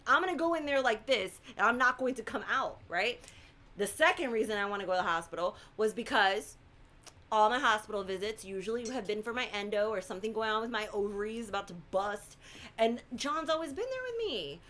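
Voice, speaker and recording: Animated, bright-voiced woman telling a story. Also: fairly high pitch, a little fast. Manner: animated storytelling, acts out quotes. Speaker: co-host. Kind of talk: live stream chat.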